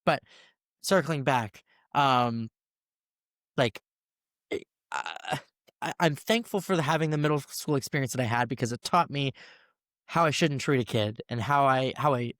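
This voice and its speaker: A young man in his twenties, a new band teacher, chatting in an interview and telling stories with animated voices for the people he quotes. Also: medium pitch, dry recording, studio quality. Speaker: first-year band teacher, guest. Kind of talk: casual interview storytelling.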